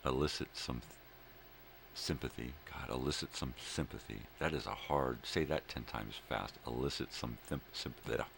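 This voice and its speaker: A man's voice: a bass voice, vocal fry, fairly bright tone, slight background noise. An older man hosting his own daily show, rambling casually at home with laid-back slang, jokes and thinking aloud.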